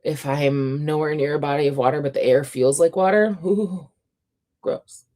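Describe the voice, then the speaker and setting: A woman hosting a casual reading livestream at home, chatty and quick to laugh, her voice a little sore and scratchy. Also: low voice, warm tone. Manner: chatty, reads out chat comments, laughs often. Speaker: reading sprint livestream host.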